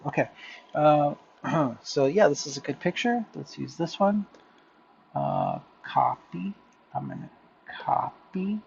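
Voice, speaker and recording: A man chatting casually to viewers while he draws, rambling and muttering softly to himself. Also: fairly high pitch, sing-song, takes it slowly, gravelly, highs cut off, a little hiss or hum. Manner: rambling, self-talking, drifts into soft muttering. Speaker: drawing vlogger. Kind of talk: casual talk while drawing. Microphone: headphones with mic.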